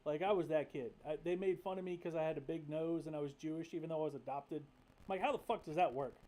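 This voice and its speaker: A young man hosts a casual livestream, talking candidly and swearing freely as he rambles through stories full of fillers. His voice sits high yet sounds mellow and warm. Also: fast. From North Carolina. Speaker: livestream host.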